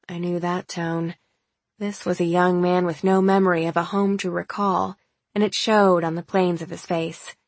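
A woman narrating a first-person novel aloud, in a measured, wry reading voice. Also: on the low side, little pitch movement, no room sound. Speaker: audiobook narrator.

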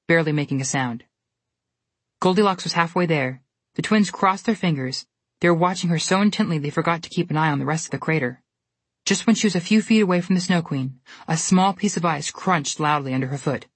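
A woman narrates a storybook with a steady, expressive delivery in a low, husky voice. The recording is dry and close. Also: brisk, no room sound.

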